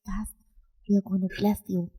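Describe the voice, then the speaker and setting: A woman voicing a gentle nun nurse soothing a plague patient in a whispered role-play, with a vague put-on foreign accent and a soft, slow, apologetic murmur. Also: mid-range voice, flat delivery, slightly rough, natural voice, poor audio.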